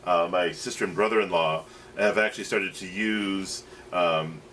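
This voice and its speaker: A man's voice: sits low, steady tone, normal speed, a bit bright, slight background noise. A man co-hosting a casual chat over drinks, talking in an easygoing, hesitant way with many fillers. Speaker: co-host.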